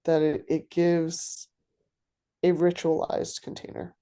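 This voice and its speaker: A woman guest speaking in a measured, reflective way. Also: sits low, level tone, mellow, clean tone.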